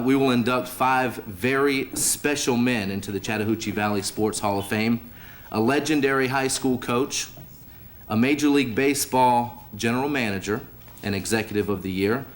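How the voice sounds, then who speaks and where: A man hosting a sports hall of fame banquet as emcee, telling a folksy joke at the podium. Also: mid-range voice. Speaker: host and emcee.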